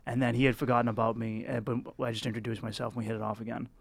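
A man's voice: medium pitch, little pitch movement, very fast, vocal fry, no echo. Man with a thick Boston accent. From South Boston, USA. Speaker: comedian guest. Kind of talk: casual podcast chat.

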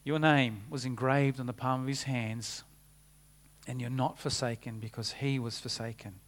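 A man preaching a sermon, earnest, rising for emphasis and dropping to a hushed tone. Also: mid-range voice, fairly even intonation, moderate pace.

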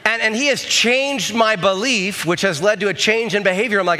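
A man preaching a sermon as a pastor, telling a humorous personal story in an animated way. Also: sits high, fairly quick, hardly any pauses. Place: church sanctuary. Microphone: handheld or headset mic.

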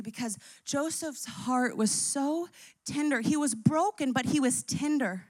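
A young adult woman preaching, retelling scripture in a lively storytelling way. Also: high-pitched, measured pace, dry recording. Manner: storytelling, acts out scripture figures with rising intensity. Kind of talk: sermon.

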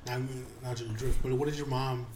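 A man's voice: medium pitch, steady tone, a little fast, a little mellow. A man co-hosting a podcast in easygoing casual chat, agreeing along and asking his friend follow-up questions. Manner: easygoing, agreeable, chimes in with short replies. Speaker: podcast co-host. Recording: echoey room with faint ambient noise.

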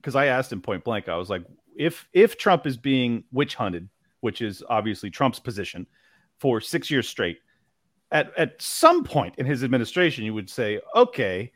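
A man hosting a podcast, talking in loose, animated casual chat, swearing and laughing often. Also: mid-range voice, moderate pace, dry recording, studio quality. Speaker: podcast host.

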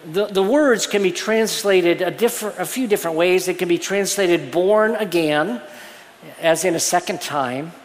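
A male pastor preaches in an earnest, explaining way, backing up and restarting phrases as he works through his point. His voice sits a little high for a man. The sound carries the long reverb of a church hall. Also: moderate pace. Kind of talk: sermon. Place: church sanctuary.

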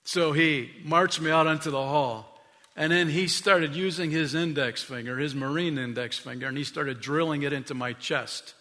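A man preaching a sermon as pastor, telling stories with emphasis, dropping to a hush and rising to loud calls. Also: on the high side, normal speed, long reverb tail. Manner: emphatic storytelling preacher, swinging from hushed to loud. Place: church sanctuary. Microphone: stage mic.

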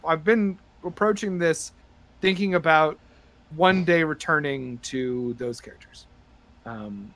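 A fairly high-pitched man serves as game master on a tabletop podcast, narrating and chatting in a rambling way, full of fillers and bursts of excitement.

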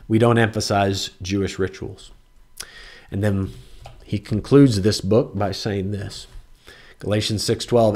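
A man's voice: mid-range voice, a little mellow. An earnest man teaching a Bible lesson to an online audience. He reads scripture with lifted emphasis, then drops back into plain, conversational explanation with casual asides and restarts. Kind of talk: livestreamed Bible lesson with viewer questions.

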